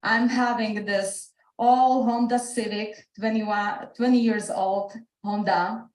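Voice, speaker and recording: A woman's voice: mid-range voice, fairly even intonation, slow, a little mellow, roomy sound, rough recording. A woman with a Slovak accent telling an earnest personal story on a video call, her English full of restarts. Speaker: speaker. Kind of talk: motivational talk on a video call.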